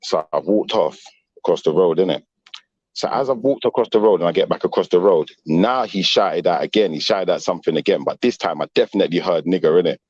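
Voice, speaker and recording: A middle-aged man, telling a story in animated street slang on a casual stream panel. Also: sits low, fast talker, breathy edge, no room sound, highs cut off. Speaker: panel guest.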